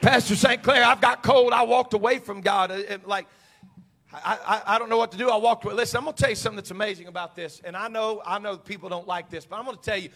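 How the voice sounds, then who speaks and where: A male pastor preaches to his church. His voice sits high and rings bright. He drops to near-quiet storytelling, then climbs to shouted, fervent climaxes. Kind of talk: sermon. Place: church sanctuary.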